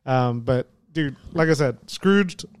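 A man's voice: medium pitch, animated, slow, clean tone, no echo. A man hosting a podcast, chatting casually about movies, rambling and swearing with frequent laughs. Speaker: podcast host. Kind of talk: casual movie review chat.

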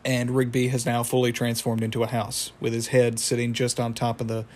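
Young guy rambling thru an episode recap, kinda flat delivery, lots of um and like. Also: medium pitch, brisk. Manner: rambling, many fillers, chuckles at the plot. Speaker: show recapper.

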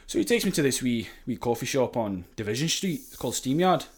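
A man's voice: medium pitch, sing-song, a little fast, slightly rough. A young man from Sheffield with a Sheffield accent, telling a story with lots of swearing and laughter on a podcast. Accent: Sheffield English. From England. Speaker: podcast guest. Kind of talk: casual storytelling chat.

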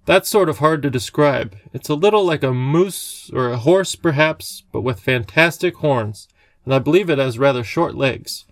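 A man voicing a cheerful, eccentric little old gentleman with a courtly, genial way of talking. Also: fairly high pitch, normal speed, dry recording, close to an everyday voice.

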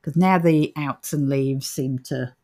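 A woman's voice: rumbling low, unhurried, warm tone. A woman co-hosting a casual paranormal podcast, telling the story in a chatty way and laughing often. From Australia. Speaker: podcast co-host. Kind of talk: casual chat.

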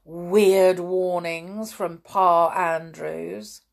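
A woman reading the part of a sensible older schoolboy who leads the group, calm and decisive. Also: fairly low pitch, extremely slow, creaky, heavily acted. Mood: firm. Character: steady older schoolboy Julian, sensible leader.

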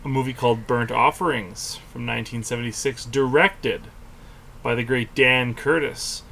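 A man with a hoarse, raw voice from a lingering cold, hosting a podcast in a relaxed chat. He jokes a lot and turns playfully defensive when he is questioned. His voice sits at an ordinary middle pitch. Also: moderate pace, a little hiss or hum. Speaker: podcast host. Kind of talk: casual chat.

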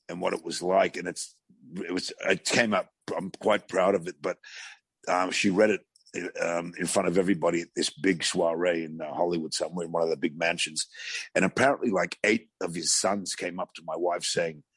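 Gravelly low-voiced man telling stories. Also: no room sound. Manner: rambling storyteller with frequent restarts. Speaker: guest. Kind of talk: casual anecdote on a talk show.

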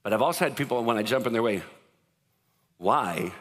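A man preaching a sermon as pastor, in an animated, conversational way, acting out what people say. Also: medium pitch, racing, big-room sound.

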